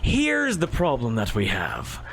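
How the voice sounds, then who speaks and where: A man's voice: medium pitch, huge pitch swings, measured pace, vocal fry, fairly bright tone, slight background noise. A man narrating as game master of a tabletop game in a loose, rambling way with many fillers.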